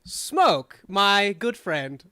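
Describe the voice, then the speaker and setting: A sly older woman, as a female game master puts her on, full of quiet, wicked intent. She speaks in a smug, teasing drawl at a steady middle pitch, savouring every threat over her coffee in this tabletop game. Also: drawn-out words, dry recording, clean studio sound, full character voice. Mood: smug menace.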